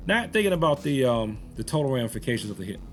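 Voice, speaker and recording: A man's voice: mid-range voice, big pitch swings, fast, soft background music. A man in his forties, a martial arts instructor, telling a personal story in a conversational, rambling way. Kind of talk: storytelling commentary.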